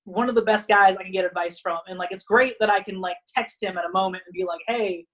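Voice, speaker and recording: A woman wrestler talking as a podcast guest in a casual, rambling way, full of "like" fillers, who acts out other people's lines in animated voices. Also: mid-range voice, quick pace, low-quality recording.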